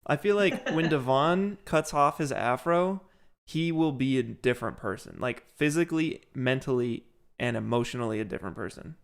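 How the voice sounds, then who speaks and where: An excitable man hosting a casual livestream, slangy and quick to laugh. He calls his friends dude. His pitch bounces widely as he talks. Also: creaky. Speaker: livestream host.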